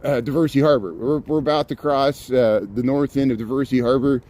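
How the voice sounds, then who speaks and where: A man's voice: mid-range voice, fairly quick, a little mellow. A man hosting a walking livestream outdoors in a city park at dawn, rambling with repeated words and restarts, a little out of breath, talking into a handheld phone. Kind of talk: casual live walking commentary.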